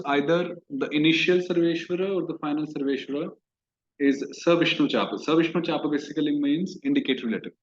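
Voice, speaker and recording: Patient male grammar teacher. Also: mid-range voice. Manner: patient step-by-step explaining, repeats terms. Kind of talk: recorded online class lecture. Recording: dull lo-fi recording.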